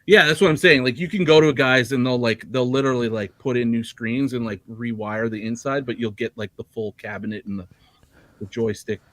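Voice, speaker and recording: A man's voice: medium pitch, steady tone, fairly quick, no echo. A man chatting casually as a guest on a livestream, rambling with many fillers and restarts. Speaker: guest collector.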